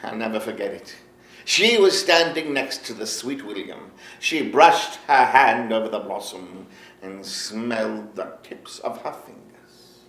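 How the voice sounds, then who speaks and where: A lovestruck poet of fifty-two recalls his youth in an unhurried stage monologue. The voice rises and falls widely. It is heard from a distance in a reverberant theater with faint background noise. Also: on the low side. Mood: reminiscing. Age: 50s. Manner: animated, reminiscing storyteller. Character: 52-year-old playwright, wistful, lovestruck storyteller. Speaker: stage actor in a one-man play. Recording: roomy stage sound from a far camera with faint noise.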